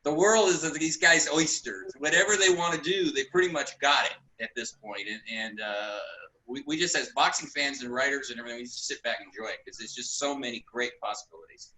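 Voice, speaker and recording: Bright-voiced man rambling about boxing. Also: mid-range voice, fairly quick, roomy sound, low-quality recording. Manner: rambling, repeats words, laughs while talking. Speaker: boxing show co-host. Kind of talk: casual sports talk.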